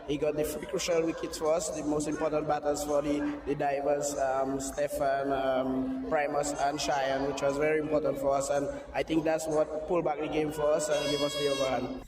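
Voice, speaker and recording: A man, a team captain answering post-match questions hesitantly with many fillers. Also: on the high side. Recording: echoey, distant, noisy.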